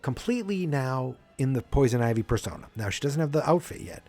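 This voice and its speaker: A man's voice: medium pitch, lively intonation, a little fast, a little mellow, faint music behind. A man hosting a podcast, casually recapping a movie in a rambling way and acting out lines in silly voices. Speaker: podcast host. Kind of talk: casual movie review chat.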